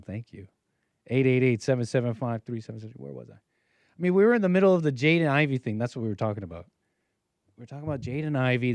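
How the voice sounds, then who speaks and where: A man from the United States, mid-range voice and no echo, hosts a live call-in stream of his own, talking casually with viewers and skipping around between topics.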